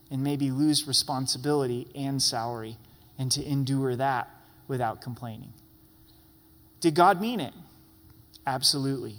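A man preaching a sermon in a lively way, playfully acting out grumbling voices. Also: mid-range voice. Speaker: pastor. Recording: long hall reverb.

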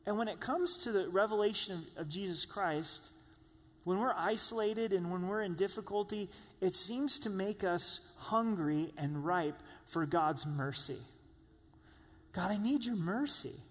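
A man preaching with a high, light voice, which rings out in the long reverb of a large hall. He climbs into loud, strained cries whenever he voices pleas. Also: unhurried. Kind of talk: sermon.

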